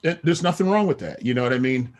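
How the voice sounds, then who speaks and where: A man's voice: medium pitch, expressive, quick pace. Rambling middle-aged man guest. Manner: rambling, full of "you know what I mean". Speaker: podcast guest. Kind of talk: casual interview talk.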